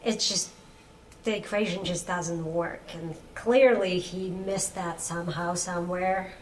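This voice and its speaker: A woman's voice: fairly low pitch, fairly even intonation, a little slow, a little hiss or hum, poor audio. A woman from Ukraine, a guest in a studio interview, answering thoughtfully and hesitantly. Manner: thoughtful and hesitant, sentences left hanging. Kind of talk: casual interview talk.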